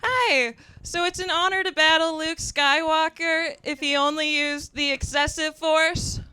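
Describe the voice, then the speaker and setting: A woman delivering roast jokes with slow, deliberate punchlines. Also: sits high, bright, forceful tone, slight background noise. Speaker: roast battle comedian.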